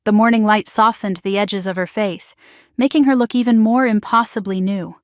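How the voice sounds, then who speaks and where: A woman narrating a dramatic first-person story in a measured, even delivery. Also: mid-range voice, no echo, studio quality.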